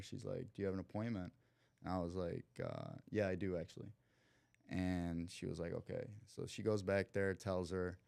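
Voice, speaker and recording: A young man with a deep, mellow, smooth voice tells a long story as a podcast guest. He talks in loose slang with plenty of "like" and acts out what everyone in the story said. The sound is dry and close to the mic. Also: no room sound. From Cleveland, USA. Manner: lively storyteller who acts out quoted dialogue; loose slang and frequent "like" fillers. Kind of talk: casual storytelling.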